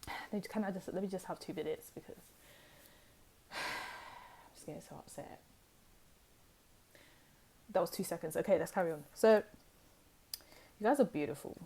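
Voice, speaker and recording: A young woman giving a pick-a-card tarot reading, talking in an emphatic, animated way and repeating phrases for stress. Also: lowish voice, slight background noise. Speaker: tarot reader.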